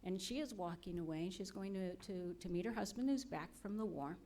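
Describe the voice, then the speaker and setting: A woman's voice: on the low side, fairly quick, dark tone, a little hiss or hum. A woman on the medical school faculty giving an earnest, motivational ceremony speech into a podium mic, putting questions to the audience.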